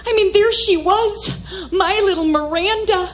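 A woman's voice: very high-pitched, unhurried, voice pushed up. A woman comedian performing a character monologue as a prim, flustered mother with folksy sayings. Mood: prudish. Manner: prudish, folksy, escalating into manic shouting.

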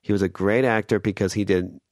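Podcast guy rambling along, kinda low voice, dry mic. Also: fairly even intonation, fairly quick, darkish tone, no room sound. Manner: rambling, many restarts and asides. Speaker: podcast co-host. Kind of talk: casual chat.

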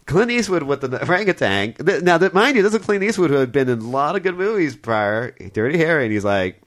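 Rambling, laughing man with lively pitch. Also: brisk. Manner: rambling, filler-heavy storytelling with frequent laughs. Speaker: podcast host. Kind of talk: casual chat.

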